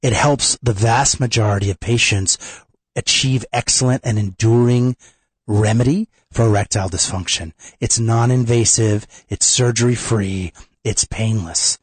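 A man's voice: on the low side, normal speed, breathy edge, dry recording. A man hosting a radio talk show, a little congested from a cold, talking in a plain conversational way. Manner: conversational, repeats phone numbers. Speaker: radio host.

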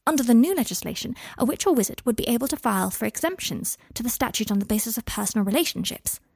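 A woman voicing a clever, organised young witch in a storybook reading, speaking quickly and precisely with eager energy. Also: on the high side, lively intonation, creaky, a little mellow, breathy edge, no echo, clean studio sound, voice pushed up, exaggerated voice. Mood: earnest.

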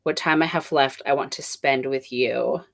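Deep-voiced woman casually reviewing a book. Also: normal speed, gravelly. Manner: relaxed and candid, swears casually. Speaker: book discussion co-host.

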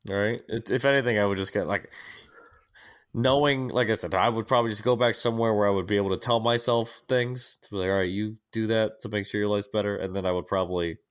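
A man's voice: lowish voice, steady tone, fast talker. A young man co-hosting a podcast in casual chat, rambling and laughing at himself. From United States. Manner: rambling, self-mocking, laughs often. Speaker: podcast co-host.

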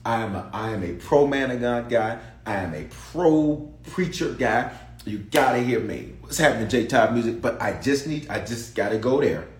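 A man's voice: mid-range voice, moderate pace. Emphatic male preacher in echoey sanctuary. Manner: emphatic, repeats phrases, calls out to the congregation. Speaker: pastor. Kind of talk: sermon. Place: large church sanctuary.

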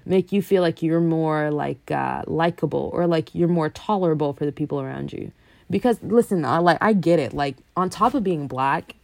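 A young woman from a Congolese family, talking casually and animatedly, swinging from loud bursts to low asides. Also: creaky, no room sound. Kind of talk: casual monologue.

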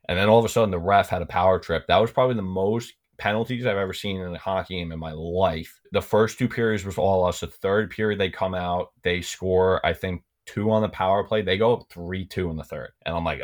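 Man, very deep voice, young adult, rambling storyteller, repeats words, podcast guest. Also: a little fast, few pauses. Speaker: podcast guest, former college backup goalie. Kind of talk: casual storytelling.

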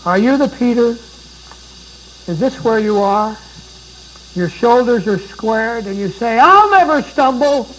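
A man's voice: high voice, takes it slowly, pauses often, darkish tone, a little hiss or hum, low-quality recording. A man preaching a sermon, dramatic and pleading, with repeated rhetorical questions.

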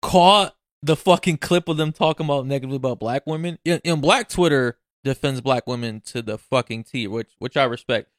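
A man hosting a casual chat, animated and profane, opening lines with "yo". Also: mid-range voice, brisk, hardly any pauses, no room sound, studio quality. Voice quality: animated, swears a lot, starts lines with "yo".

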